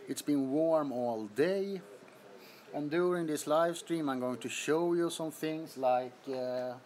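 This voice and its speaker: A man's voice: on the high side, slow pace, a little mellow. A man chatting casually on a livestream from an apartment, greeting viewers and laughing often, recorded on a phone. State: sweaty from heat. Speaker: livestream host. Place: apartment bedroom.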